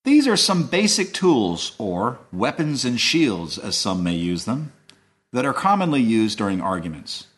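A man hosting a scripted language lesson, explaining in a measured way. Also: mid-range voice, very animated, fairly bright tone. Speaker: host.

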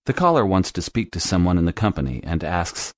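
A man narrating a scripted English lesson, explaining phone phrases in a clear, measured way. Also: low-pitched, sing-song, dry recording, clean studio sound. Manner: clear, measured instructional delivery. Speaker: language teacher.

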